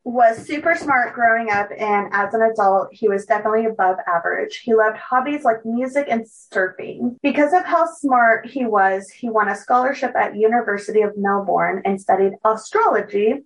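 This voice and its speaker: A young woman, somewhat high-voiced, tells a story from her notes for a podcast. She talks casually with plenty of likes and ums and now and then a giggle. She sounds a little distant from the microphone. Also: moderate pace, hardly any pauses. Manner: chatty, many "like" and "um" fillers, giggly. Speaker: podcast co-host telling a case.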